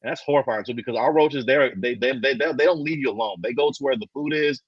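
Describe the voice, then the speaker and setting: A comedian from Texas, chatting as a guest in a playful, exaggerated way. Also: male voice, mid-range voice, quick pace, slightly rough, no room sound, lo-fi sound. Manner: playful, exaggerated, repeats words. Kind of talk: casual chat.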